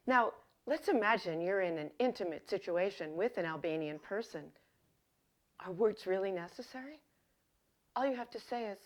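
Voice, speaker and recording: A woman hosting a comic mock language lesson, speaking in a deadpan, mock-authoritative way as a self-styled professor. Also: medium pitch, moderate pace. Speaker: comedy host.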